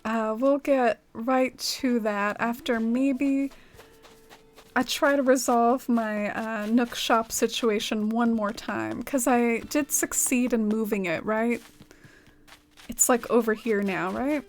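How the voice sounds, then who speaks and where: A woman's voice: on the high side, takes it slowly, long pauses, faint music behind. A woman streaming a game, chatting casually and rambling, often saying "like". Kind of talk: casual live-stream chat.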